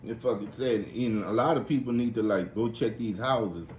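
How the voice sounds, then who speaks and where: Speaking at an ordinary pace, the man hosts a casual storytelling chat full of profanity and energy, mimicking the people in his tales with high voices. Faint noise and a roomy echo color the recording.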